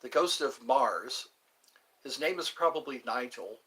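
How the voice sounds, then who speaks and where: A man's voice: mid-range voice, lively intonation, measured pace, background noise. A middle-aged man hosting a rambling live chat, joking around and putting on mock voices. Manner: joking, sings lines, mock accents. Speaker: livestream host.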